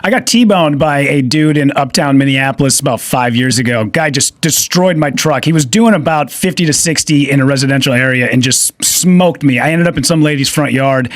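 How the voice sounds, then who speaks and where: Man, high pitch, casual storytelling on a podcast. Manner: plain anecdotal storytelling. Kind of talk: casual chat.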